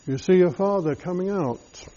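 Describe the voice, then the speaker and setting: Man leading a guided scripture meditation, fairly high voice, mellow tone, muffled lo-fi sound. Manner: addresses listener as you, slow and reflective.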